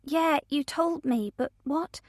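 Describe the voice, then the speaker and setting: Woman doing a worried friend on the phone in an audiobook thriller, higher voiced and soothing, dry close sound. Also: slow, dry recording.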